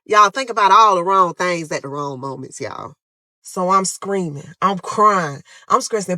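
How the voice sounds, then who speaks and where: A young woman narrates a harrowing personal story straight to her audience and keeps calling them y'all. She jumps into loud, high pleas whenever she replays her own words. Her mid-pitched voice sounds close and dry, with no room echo. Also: moderate pace. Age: young adult. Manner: dramatic, addresses listeners as y'all, acts out her own pleas loudly. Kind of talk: emotional storytime monologue.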